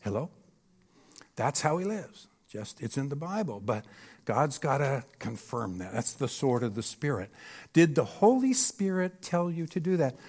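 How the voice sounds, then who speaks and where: Animated male preacher, rhetorical asides. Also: mid-range voice, unhurried. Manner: animated and emphatic, with frequent rhetorical "Hello?" checks. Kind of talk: sermon. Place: church stage before a live audience.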